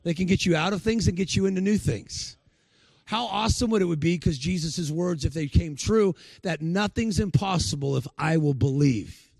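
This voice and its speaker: A man's voice: on the high side, normal speed, vocal fry, darkish tone, no echo. A male preacher giving a sermon, telling stories and acting out the people he quotes. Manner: storytelling, acts out the people he quotes.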